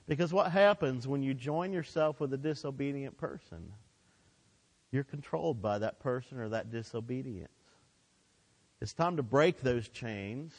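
A man preaching a sermon in a church sanctuary, his voice trailing off into long reverb. His delivery is emphatic, surging on key phrases and falling low on others, and he draws the congregation into repeating after him. His pitch sits mid-range for a man. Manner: emphatic preaching with swelling and dropping delivery, leads call-and-response. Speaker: pastor.

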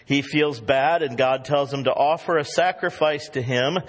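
A man preaching a sermon as pastor, emphatic and animated, acting out the voices he quotes. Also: medium pitch, moderate pace. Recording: long reverb of a hall.

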